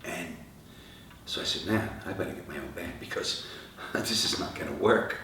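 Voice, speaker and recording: Deep-voiced man telling stories, echoey room. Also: normal speed. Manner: animated anecdotes, acting out quoted dialogue. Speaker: rock singer, interview guest. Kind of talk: storytelling interview answers. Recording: echoey room, from far off, faint noise.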